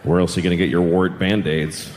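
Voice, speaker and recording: A man in his fifties from Boston doing stand-up, deadpan storytelling with mocking voices. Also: deep voice, fast, long reverb tail, slight background noise. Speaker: stand-up comedian. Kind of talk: stand-up routine and casual chat.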